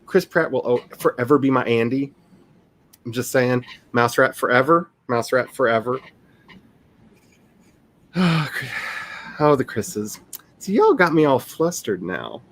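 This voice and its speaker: A man's voice: mid-range voice, big pitch swings, slow pace, long pauses. A man, chatting casually and rambling on a livestream. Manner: rambling and chatty, laughing often. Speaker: author and streamer.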